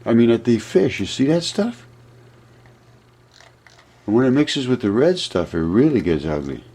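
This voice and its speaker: A man talking through a map in a casual, rambling monologue, often laughing at his own ideas and getting excited. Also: medium pitch, normal speed, breathy edge. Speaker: video presenter.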